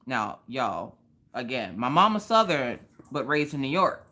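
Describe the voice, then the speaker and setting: A young woman with a low voice tells a story to her livestream viewers in a loose, chatty way. She acts out each person's lines and drops in Southern slang. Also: very animated, measured pace, pushed and bright. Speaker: craft livestream host.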